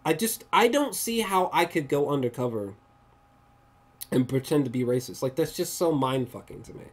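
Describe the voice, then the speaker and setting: Movie reviewer for a casual vlog. Animated and rambly, swears freely, pitch swings widely. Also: moderate pace. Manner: animated and excitable, swears often; rambling, with frequent restarts and fillers.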